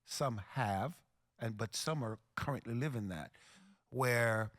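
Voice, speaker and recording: A man's voice: mid-range voice, takes it slowly, fairly bright tone. A man hosting a faith-based podcast, speaking earnestly, quoting scripture and affirming his guests. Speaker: podcast host.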